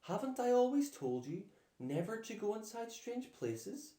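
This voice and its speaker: A man's voice: extremely high pitch, animated, moderate pace, a little mellow, pitched above the performer's own voice. A man voicing a worried mother who scolds her daughter in a storybook reading. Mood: scolding. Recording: echoey room.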